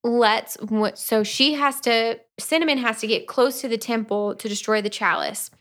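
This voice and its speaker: Animated woman retelling a book plot. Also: a little high, normal speed. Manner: animated retelling with playful voices for characters. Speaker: podcast co-host. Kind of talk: casual book-review chat.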